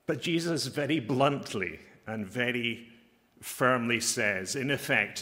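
A man preaching a sermon as a pastor and chaplain, earnest and emphatic, slowing down to stress key phrases. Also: medium pitch, animated, bright, forceful tone.

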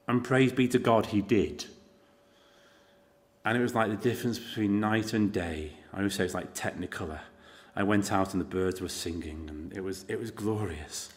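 A man's voice: on the low side, moderate pace. Dramatic storytelling male preacher. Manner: dramatic storytelling, swings between loud emphasis and quiet intensity; speaks to the congregation directly with rhetorical questions. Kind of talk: sermon.

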